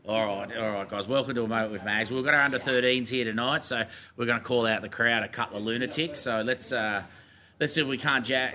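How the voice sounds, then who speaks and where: Bright-voiced Australian bloke, matey banter. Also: male voice, medium pitch. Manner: laid-back and matey, joking with kids. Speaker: host and junior footy coach. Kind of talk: casual club show banter.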